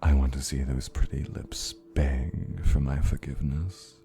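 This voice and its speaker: A man playing a domineering, seductive man who demands obedience, speaking slowly and commandingly. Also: extremely low pitch, fairly even intonation, vocal fry, mellow, faint music behind, full character voice. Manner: slow, commanding, sultry.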